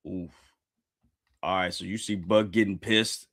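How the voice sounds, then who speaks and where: A man streaming a live reaction to a manga chapter, talking casually to his viewers and bursting into loud, repeated exclamations. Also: low voice, fairly even intonation, measured pace, pauses often. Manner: casual slangy talk addressed to viewers.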